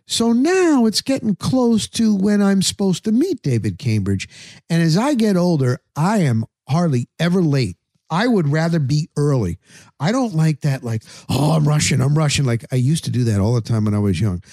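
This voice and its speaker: A man's voice: on the high side, very animated, normal speed, dark tone, no room sound, studio quality. A middle-aged man hosting a sports talk show, telling a story casually and acting out his own thoughts in quotes. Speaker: sports radio and podcast host.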